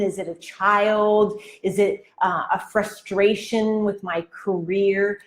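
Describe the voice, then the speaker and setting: Slow, deliberate woman giving a devotional talk. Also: mid-range voice. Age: married adult. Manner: slow and deliberate, with frequent "right?" tags; asks the listener reflective questions. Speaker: women's devotional speaker.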